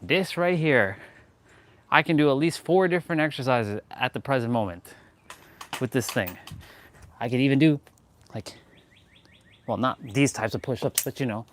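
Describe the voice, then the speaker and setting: A man's voice: medium pitch, lively intonation, moderate pace, pauses often, slight background noise. A young man from Canada hosting a fitness livestream, talking casually with a laid-back, slangy, laughing manner.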